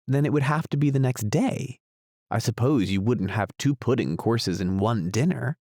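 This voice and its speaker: A man's voice: mid-range voice, lively intonation, normal speed, a little mellow, no room sound, studio quality. A man reading an audiobook, voicing a polite, curious young girl who asks earnest questions. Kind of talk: audiobook character voice.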